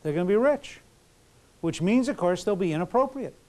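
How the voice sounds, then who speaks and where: A man's voice: sits high, lively intonation, fairly quick, a crowd in the background. A man lecturing a class in a conversational way, with many fillers and restarts. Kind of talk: college lecture.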